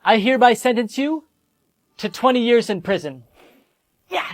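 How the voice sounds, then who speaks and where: A text-to-speech voice reading short joke stories and their dialogue in a flat, even way. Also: medium pitch, normal speed. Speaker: storytime narrator.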